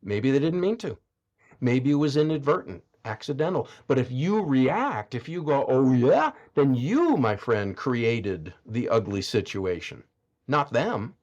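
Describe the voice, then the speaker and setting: A man's voice: medium pitch, big pitch swings, darkish tone, dull audio. Man giving emphatic coaching advice. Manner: emphatic, dramatic pauses, asks rhetorical questions. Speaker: podcast guest speaker. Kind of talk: motivational coaching talk.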